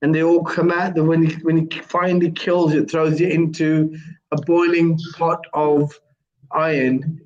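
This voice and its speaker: A man's voice: on the high side, level tone, unhurried, a little mellow. A man hosting a live stream chat, talking in a rambling way with many fillers. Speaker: host. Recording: dull lo-fi live stream audio.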